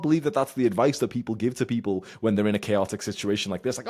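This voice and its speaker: A man's voice: mid-range voice, animated, racing, few pauses, darkish tone. A man hosting a show, giving blunt advice in a casual, rambling monologue full of swearing. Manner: blunt, heavy swearing, emphatic; rambling with fillers and restarts.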